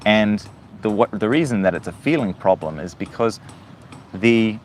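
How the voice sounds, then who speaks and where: A man from New Zealand with a softened accent, hosting a casual livestream and talking reflectively to viewers, often pausing and restarting his sentences. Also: on the low side, lively intonation, slight background noise. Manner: reflective, hesitant with many fillers and restarts. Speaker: livestream host.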